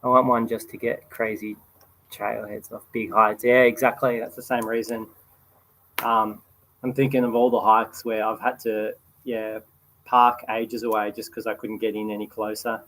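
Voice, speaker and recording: An Australian man in his thirties hosting a relaxed livestream Q&A, chatting casually and reading out viewer comments. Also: lowish voice, moderate pace, poor audio. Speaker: host answering viewer questions. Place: outdoors by a campfire at night.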